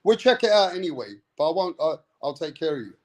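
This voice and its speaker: A man's voice: fairly high pitch, big pitch swings, fast talker, no echo. A man hosting a casual boxing chat, talking loosely and rambling. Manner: loose, rambling, swears freely, mimics others. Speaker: host of a boxing talk stream.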